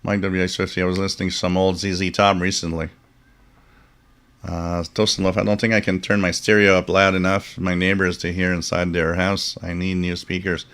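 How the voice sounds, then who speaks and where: A man with a notably low voice talks loosely as the host of a live stream. He wanders through anecdotes with soft chuckles and fillers, then reads out comments from viewers. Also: flat delivery, fairly quick. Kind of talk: casual chat.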